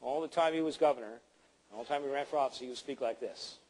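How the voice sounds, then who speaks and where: In a live seminar on presenting, a middle-aged man with a mid-range voice talks fast and acts out examples for his audience, animated and playful throughout.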